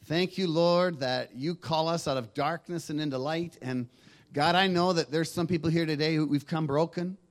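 A man's voice: on the high side, normal speed. A man leading a congregation in earnest spoken prayer during a church worship service. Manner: earnest, flowing prayer cadence. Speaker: worship leader. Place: church sanctuary.

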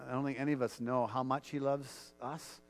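A man's voice: mid-range voice, flat delivery, a little fast. A man preaching a sermon as pastor and leading a prayer, earnest and repetitive, often restarting his sentences.

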